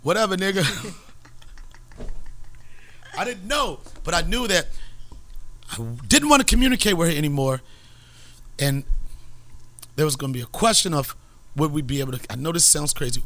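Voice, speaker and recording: A middle-aged man, the podcast host, telling a story in casual, profane, animated chat and laughing often. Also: on the high side, creaky.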